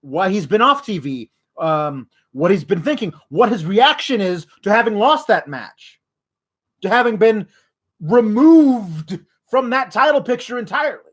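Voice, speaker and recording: A man's voice: high voice, big pitch swings, measured pace. A man hosting a wrestling podcast, ranting in exasperation with frequent swearing. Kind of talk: podcast rant.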